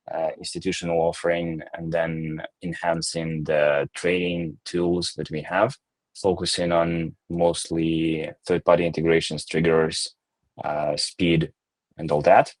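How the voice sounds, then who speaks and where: Low-voiced man answering questions. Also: level tone, a little mellow, no room sound. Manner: measured, hesitant, many fillers and restarts. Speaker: company founder and CEO answering questions. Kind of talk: live Q&A session.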